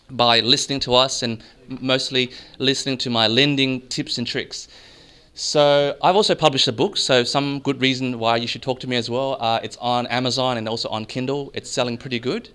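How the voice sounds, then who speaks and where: A man giving an energetic, salesy seminar talk, asking the crowd questions. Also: medium pitch, clean tone. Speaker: mortgage broker giving an expo talk. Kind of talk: live seminar presentation to an audience.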